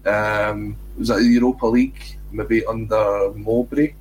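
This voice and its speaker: A man's voice: fairly low pitch, fairly even intonation, unhurried, slight background noise, poor audio. A Scottish man hosting a football podcast, chatting and joking casually. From Scotland. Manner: chatty, joking, says "um" often. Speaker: podcast host. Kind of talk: casual chat.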